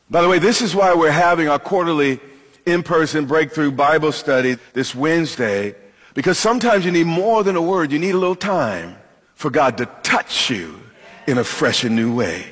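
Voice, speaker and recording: A male pastor preaching with a husky, fairly high voice that swings widely in pitch. He leans into dramatic pauses and throws questions out to the congregation. His words ring out with a long reverb through the church sanctuary. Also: a bit bright. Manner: emphatic preaching with dramatic pauses and call-and-response. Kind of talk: sermon.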